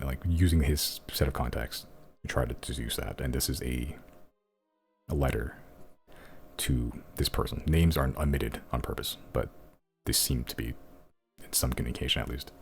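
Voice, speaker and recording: A man's voice: very deep voice, darkish tone. A man narrating as game master of a tabletop game in a loose, rambling way. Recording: faint music behind.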